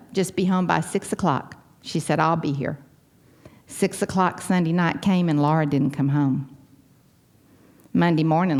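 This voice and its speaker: A woman's voice: lowish voice, gravelly, darkish tone. A middle-aged woman with a Texan accent telling a heartfelt personal story to a recovery meeting audience. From Texas. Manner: heartfelt, folksy, earnest.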